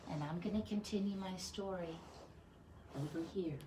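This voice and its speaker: Slow, expressive woman telling a Bible story. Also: mid-range voice, a little hiss or hum. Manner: slow, expressive, asks the children questions. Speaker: children's Bible teacher. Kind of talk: storytelling to children.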